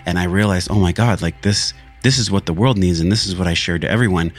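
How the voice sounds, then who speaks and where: A man's voice: sits low, fast talker, faint music behind. A man hosting a podcast, talking earnestly and candidly about a spiritual journey, with frequent swearing. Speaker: podcast host. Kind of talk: candid reflective monologue.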